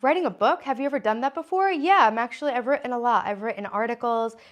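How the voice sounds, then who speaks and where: An American woman with a fairly high voice hosts a casual livestream from her home kitchen, speaking quickly. She chats and reads viewer comments aloud as she answers them.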